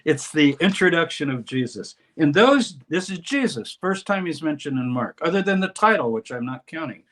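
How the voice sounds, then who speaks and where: A man speaking as a guest scholar in an interview, explaining a text with lively emphasis and reading passages aloud. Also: on the high side, moderate pace. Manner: animated, reads scripture aloud with dramatic emphasis. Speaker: scholar and course teacher, guest.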